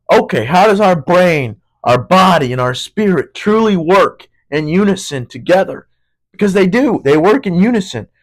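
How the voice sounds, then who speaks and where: Profane, rambling high-voiced young man. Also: poor audio. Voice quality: voice cracking. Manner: profane, rambling, searching for words. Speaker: podcast host. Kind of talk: casual monologue.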